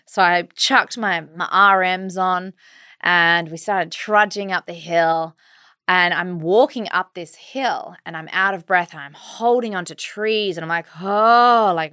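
A woman in her thirties with an Australian accent, co-hosting a podcast and telling a personal story in a casual, animated way. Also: lowish voice, a little slow, clean tone, no room sound, clean studio sound. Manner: animated, acts out her own quoted words. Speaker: podcast co-host.

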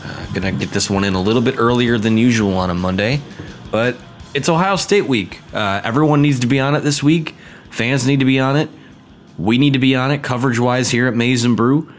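A man's voice: medium pitch, fairly quick, faint music behind. A man hosting a solo sports podcast, talking casually with fillers and restarts, his voice nasal and stuffy from a cold. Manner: conversational, frequent fillers and restarts. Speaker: podcast host.

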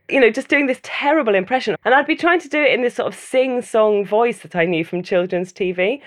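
A woman giving a thoughtful, measured personal account in an interview, often listing things in runs. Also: mid-range voice, expressive. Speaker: mother interviewed about loneliness.

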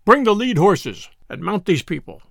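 A man's voice: high-pitched, very animated, moderate pace, gravelly, pushed and bright, no room sound, clean studio sound, heavily acted. A man voicing a hard, imperious nobleman who speaks sharply and gives commands, as a character in an audiobook. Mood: cold.

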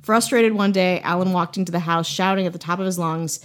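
A woman's voice: lowish voice, fairly even intonation, a little fast. A woman from Wisconsin hosting a podcast, telling a spooky story in a casual way with playful, jokey asides. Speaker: podcast host.

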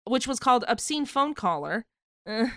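A woman's voice: on the high side, big pitch swings, bright, forceful tone, no echo, clean studio sound. Laughing woman podcast co-host. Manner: laughs often, halting with fillers. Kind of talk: casual chat.

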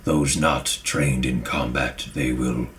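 A man voicing a solemn tortle warrior in a tabletop game, speaking slowly and humming as he muses. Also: a bass voice, steady tone, a bit bright, a little hiss or hum, heavily acted. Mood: ponderous. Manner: slow, pausing, with musing hums. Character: slow, deep-voiced tortle warrior, male, solemn.

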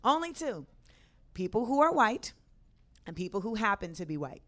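A woman on a panel giving an emphatic, animated opinion in casual chat. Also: medium pitch, moderate pace.

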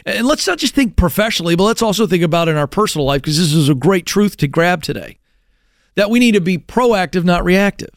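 High-voiced male host, animated storytelling. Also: brisk, no echo, clean studio sound. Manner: animated storyteller with frequent restarts and acted exclamations. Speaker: radio show host. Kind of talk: talk show monologue.

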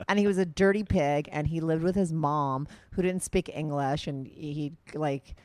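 A woman's voice: low-pitched, normal speed, a little mellow, no room sound. A woman in her thirties hosting a podcast, telling candid, rambling stories full of "like" in casual chat. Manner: candid, rambling storytelling with lots of "like". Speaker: podcast host.

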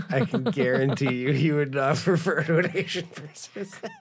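A man's voice: on the high side, moderate pace, breathy edge. A man co-hosting a podcast, reacting with incredulous, laughing remarks. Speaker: podcast co-host. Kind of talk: casual chat.

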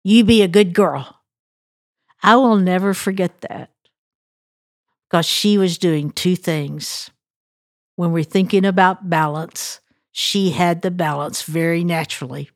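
A woman's voice: fairly low pitch, measured pace, no room sound, studio quality. An older woman co-host telling a family story as a devotional reflection, acting out the voices she quotes. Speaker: podcast co-host.

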